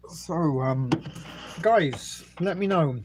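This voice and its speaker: A man's voice: fairly high pitch, drawn-out words, background noise. A middle-aged man with an English accent, casually hosting a live stream, reading out viewer comments and rambling between jokes and filler words while he eats. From England. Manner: rambling and jokey, with many ums, eating and burping between remarks. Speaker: livestream host.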